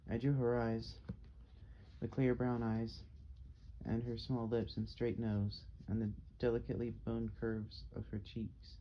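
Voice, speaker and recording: A man reading an audiobook in a measured, unhurried scripted narration. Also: mid-range voice, little pitch movement. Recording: dull audio with faint hiss.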